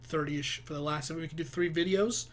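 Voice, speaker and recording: A man's voice: fairly high pitch, steady tone, fairly quick. A man hosting a reaction video, chatty and rambling in casual commentary. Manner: chatty, rambling, laughs easily.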